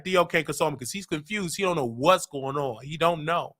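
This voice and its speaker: A man's voice: moderate pace, few pauses. A man from Chicago with a Chicago accent, telling a personal story casually and acting out what people said with big jumps in his voice. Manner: animated, acts out quotes with big pitch jumps.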